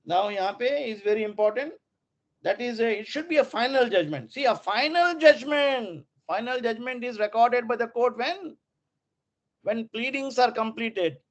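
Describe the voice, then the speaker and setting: A man with an Indian English accent, mixing in Hindi, giving a law lecture to students in a deliberate way and repeating key terms. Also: very high-pitched. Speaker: law professor.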